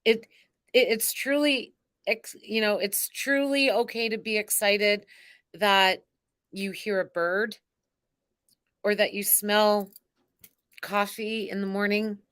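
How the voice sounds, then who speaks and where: Slow, bright-voiced woman card reader. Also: medium pitch, steady tone. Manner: exuberant, theatrical, chanting and cheering. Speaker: spiritual card-reading host. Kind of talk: live spiritual card reading.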